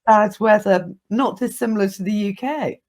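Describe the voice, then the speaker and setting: A woman's voice: medium pitch, normal speed, a little mellow. A woman hosting an interview, chatting casually and encouraging her guest. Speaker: podcast host.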